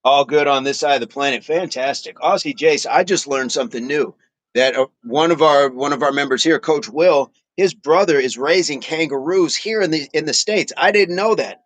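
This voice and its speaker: A man's voice: on the high side, normal speed, fairly bright tone, dry recording. A man hosting a casual fitness livestream, chatting playfully with viewers, laughing often and repeating his phrases. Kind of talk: casual livestream chat, reading viewer comments aloud.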